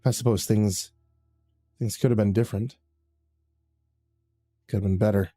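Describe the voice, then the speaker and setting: A man narrating a first-person horror story in a measured, grim way. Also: on the low side, fairly even intonation, dark tone, no echo, faint music behind.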